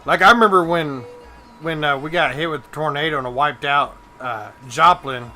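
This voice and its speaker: Bright-voiced man streaming a farming game. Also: a little high, normal speed, slight background noise. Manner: swearing, joking, mocking impressions of others. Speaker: gaming streamer. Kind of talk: casual live-stream chat while playing. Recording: game music in the background.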